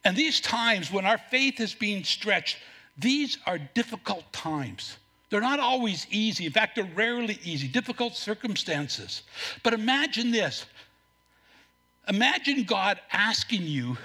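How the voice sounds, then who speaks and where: A man preaching a sermon as pastor, earnest, telling a story, with a few halting restarts. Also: high voice, big pitch swings, pushed and bright.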